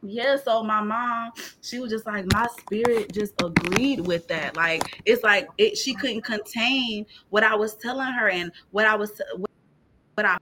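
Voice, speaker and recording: A woman with a voice of middling pitch gives a heartfelt faith testimony over a video call. Her talk is colloquial and animated, and she laughs through tears as she speaks. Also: measured pace, a little hiss or hum. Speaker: podcast guest sharing a testimony.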